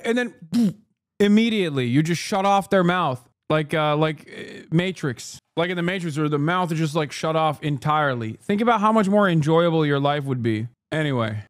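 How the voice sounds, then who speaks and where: A man in his thirties rants on a live stream, brash, sarcastic and profane. His voice sits fairly high. The mic is close and dry, with no room echo. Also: moderate pace, clean tone. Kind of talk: casual profane livestream rant.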